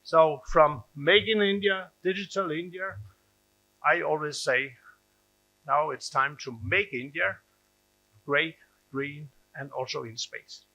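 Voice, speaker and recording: Older man, ambassador, conference speech, emphatic, repeats phrases, bright forceful tone, slightly high voice. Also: takes it slowly, pauses often, lo-fi sound. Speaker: ambassador and panel speaker.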